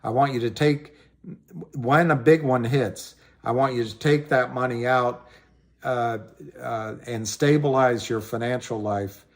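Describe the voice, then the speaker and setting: A man hosting a casual livestream, rambling about money and greeting viewers by name, often trailing off and restarting. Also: medium pitch. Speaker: livestream host.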